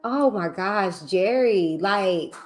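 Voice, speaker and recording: A woman's voice: medium pitch, expressive, takes it slowly, faint music behind. A woman hosting an interview, reacting briefly and asking a follow-up question. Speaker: host.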